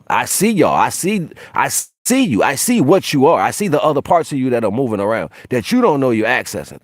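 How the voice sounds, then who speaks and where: Man, low-pitched, livestream host, profane, brash, laughs a lot, dry close sound. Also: dry recording. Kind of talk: casual livestream monologue.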